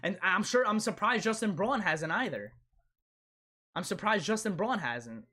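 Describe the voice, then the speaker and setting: Young man, live stream host, casual rambling chat, bright tone. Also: high voice, animated, moderate pace. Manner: rambling, repeats himself, reads chat aloud.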